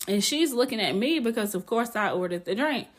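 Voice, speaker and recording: A woman hosting a casual podcast, telling a story in an animated, blunt way, laughing often and swearing casually. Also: a little high, a little fast. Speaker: podcast host.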